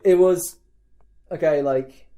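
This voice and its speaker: A man's voice: fairly high pitch, slow, mellow. A man hosting a podcast, telling a long story in casual chat, rambling and laughing as he goes. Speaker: podcast host.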